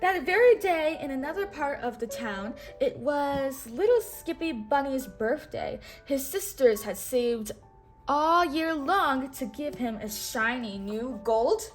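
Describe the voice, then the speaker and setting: A woman teacher reading a storybook aloud to a child, pausing to have the child repeat words. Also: high voice, lively intonation, faint music behind.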